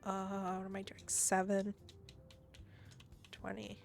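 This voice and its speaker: A woman streamer speaks with a Midwestern American accent carrying a trace of the South. Her voice sits at a middle pitch, relaxed and chatty, breaking into giggles as she thinks aloud between viewer comments. Soft music plays faintly underneath. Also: takes it slowly. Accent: Midwestern American with a touch of Southern. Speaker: live streamer. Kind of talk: casual live-stream chat, reading viewer comments.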